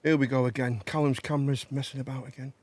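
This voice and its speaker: A man's voice: mid-range voice, flat delivery, fast, a little mellow, no room sound. A man hosting a casual live-stream chat show. He rambles, repeats his words and banters with his guests.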